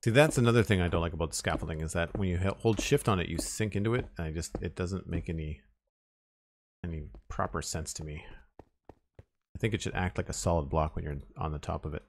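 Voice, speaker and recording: Low-voiced man mumbling through gameplay. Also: a little fast, slight background noise. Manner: thinks aloud, mumbles, trails off with "uh". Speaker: streamer building in a survival game. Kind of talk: casual gameplay commentary.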